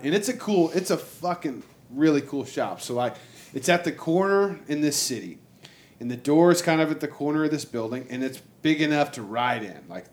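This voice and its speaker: A man telling a long road-trip story in casual, profane chat, jumping into higher voices to act out what people said. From Texas. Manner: animated, acts out quotes in a raised voice, lots of "like" and swearing. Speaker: storyteller guest.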